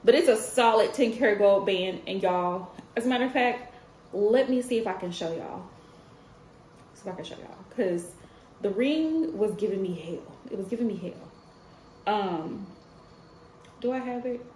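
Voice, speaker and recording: A woman's voice: mid-range voice, expressive, a little slow, long pauses, a little mellow. A woman in her thirties hosts a tarot stream and tells a personal story in a casual, chatty way. Her mid-range voice carries some room echo, with a faint hum of ambience behind it. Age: 30s. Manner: chatty, addresses viewers as y'all, laughs often.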